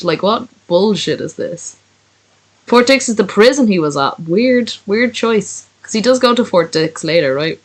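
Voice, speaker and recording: Lively, sweary woman streamer. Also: mid-range voice, unhurried. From not from America. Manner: profane, sarcastic, chatty with viewers. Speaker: livestreamer. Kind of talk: reading a fan story aloud with live commentary.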